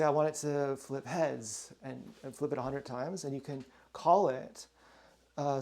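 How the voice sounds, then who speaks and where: A man's voice: a little high, vocal fry, a little mellow. A man rambling in a casual, profane monologue from home, drifting between topics and muttering asides. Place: at home indoors.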